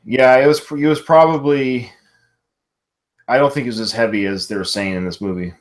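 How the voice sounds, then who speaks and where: A man in his thirties co-hosting a podcast, chatting casually about a film, laughing often and quoting lines with excitement. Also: mid-range voice, normal speed. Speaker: podcast co-host.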